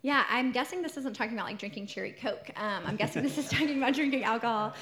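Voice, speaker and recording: A woman's voice: a little high, fast, fairly bright tone. A woman on a church panel giving chatty, practical answers with lots of fillers.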